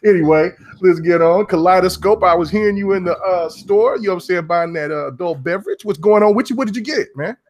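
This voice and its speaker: Joking podcast host, higher voice. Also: male voice, quick pace, few pauses, a little mellow. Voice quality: loose, joking, repeats himself. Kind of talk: casual podcast chat.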